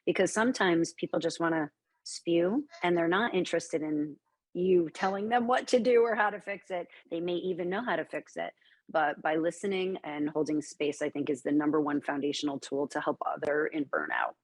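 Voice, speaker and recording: Brief: woman guest, middle-aged, low voice, gentle measured talk. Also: no echo, rough recording. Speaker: guest, author and speaker. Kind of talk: calm interview answers.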